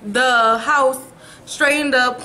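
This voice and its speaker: A woman's voice: high voice, steady tone, takes it slowly, pushed and bright, slight background noise, rough recording. A young woman vlogging at home, chatting upbeat to the camera about her plans. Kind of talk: casual chat to camera. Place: at home, indoors. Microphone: handheld camera.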